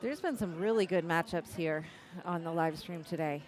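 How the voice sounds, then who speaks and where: Lower-pitched woman co-hosting a stream. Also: normal speed, soft background music. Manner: informative, laughs easily. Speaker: stream co-host. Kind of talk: live stream commentary.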